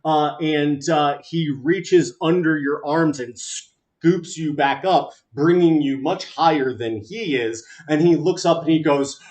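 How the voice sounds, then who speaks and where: A man narrating as game master of a tabletop game, halting and full of filler sounds. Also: on the high side, darkish tone, highs cut off.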